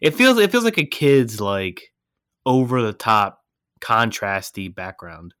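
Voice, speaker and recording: A man with a low voice talks about a movie in a laid-back, hesitant way, often searching for the right word. The sound is dry and close, with no room around it. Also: huge pitch swings, measured pace, fairly bright tone, clean tone, dry recording. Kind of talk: casual movie chat.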